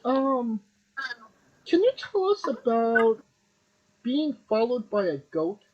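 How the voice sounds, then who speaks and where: A woman's voice: on the high side, very animated, slow pace, slightly rough, muffled recording. A woman hosting a casual interview, asking light questions with small laughs.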